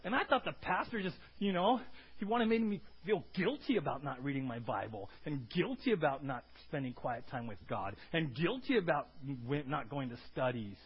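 A male pastor preaching a lively sermon, acting out scenes and often asking "right?". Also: a little high, normal speed, breathy edge, highs cut off. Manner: animated, acts out film scenes, keeps asking "right?".

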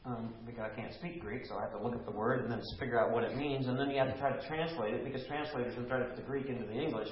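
A man's voice: mid-range voice, steady tone, racing, hardly any pauses, a little hiss or hum. A man leading a Bible study group, teaching emphatically and putting questions to the people around him. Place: room with a small group. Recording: echoey room, lo-fi.

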